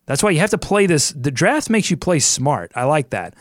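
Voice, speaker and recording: A man's voice: fairly high pitch, sing-song, normal speed, dry recording, clean studio sound. A man hosting a sports podcast, reading an ad and chatting in an upbeat, jokey way while thinking aloud. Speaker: podcast host. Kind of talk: casual sports podcast chat and ad read.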